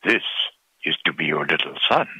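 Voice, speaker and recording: A man's voice: very deep voice, animated, normal speed, bright, forceful tone, husky, no echo, pitched below the performer's own voice, full character voice, rough recording. A man reading as a kind old chieftain. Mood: gentle. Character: kind, proud old male village chieftain.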